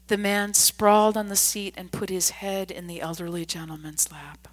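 A woman narrating a story in a scripted reading, hushed and often dropping to a whisper. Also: fairly low pitch, steady tone, moderate pace, few pauses.

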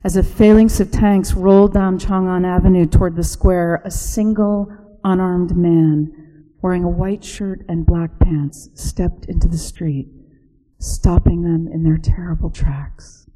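A woman reads a reflective essay slowly and softly, sometimes sinking into a whisper. Her voice is low and mellow. A long reverb trails after her words, as if she is in a large hall. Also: steady tone. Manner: slow and hushed, dropping to a whisper. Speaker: narrator.

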